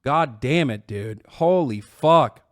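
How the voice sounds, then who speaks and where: A man's voice: medium pitch, lively intonation, slow, no room sound, clean studio sound. A man reacting to a clip, mocking it with sarcasm and constant swearing. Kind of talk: profane reaction commentary.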